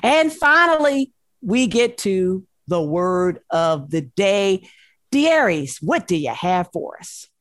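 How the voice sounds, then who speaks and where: A woman's voice: medium pitch, very animated, takes it slowly, no echo, studio quality. A woman hosting a talk show, upbeat and playful as she plugs the show and introduces her co-hosts. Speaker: host. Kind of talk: talk show host chat.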